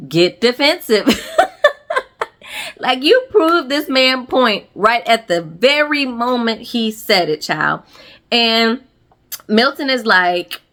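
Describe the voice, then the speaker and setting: A woman talks straight to her viewers as she recaps a reality show, sassy and slangy. Her voice is bright and forceful. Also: a little high, sing-song, slow pace. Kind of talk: casual recap commentary.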